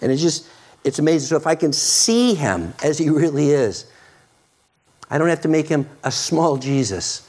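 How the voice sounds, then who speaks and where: A middle-aged man preaching a sermon, earnest, restarting words often and rising to loud, excited peaks. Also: a little high, normal speed. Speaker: pastor.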